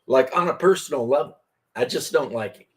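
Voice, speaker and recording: A man's voice: medium pitch, animated, a little fast. A man in his fifties from Kentucky, hosting a casual chat while crafting and telling rambling anecdotes.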